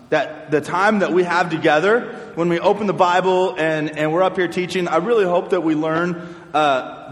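A fairly high-voiced man gives a relaxed talk to a youth group, chatty and loose in his phrasing. He repeats words as he goes. His voice rings through an echoey church hall with a long reverb tail. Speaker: youth pastor. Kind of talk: casual youth sermon.

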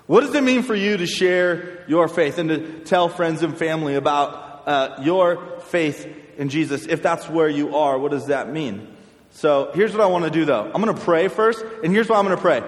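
A man's voice: on the high side, lively intonation, normal speed. A man preaching informally to a youth group in a church hall. His talk is chatty and loose, often repeating words. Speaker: youth pastor. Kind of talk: casual youth sermon. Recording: echoey hall with long reverb.

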